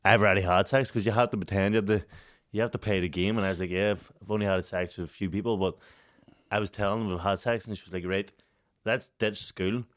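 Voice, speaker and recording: Low-voiced and quick-paced, a Northern Irish podcast co-host in his thirties tells a story casually. He curses freely, stays animated, and frequently bursts out laughing.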